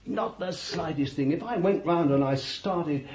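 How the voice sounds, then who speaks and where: A man's voice: on the high side, unhurried, crowd noise. A man preaching a sermon, fervent, repeating his phrases and calling his listeners beloved. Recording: dull lo-fi recording.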